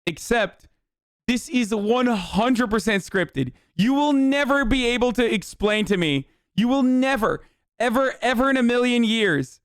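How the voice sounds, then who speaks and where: A man's voice: high voice, fairly bright tone, smooth, dry recording, studio quality. Profane, incredulous streamer man. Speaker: streamer host. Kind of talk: casual live-stream commentary.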